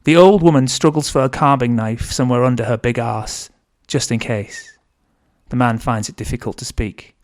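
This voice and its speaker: An author reading his own novel aloud in a steady, measured narrating voice. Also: mid-range voice.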